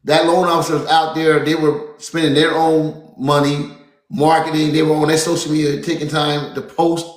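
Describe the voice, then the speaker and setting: Pumped-up coach guy, kinda high voice, keeps repeating himself, roomy echo. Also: normal speed. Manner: energetic, repetitive, addresses listeners as folks. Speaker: real estate business coach. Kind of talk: motivational seminar talk.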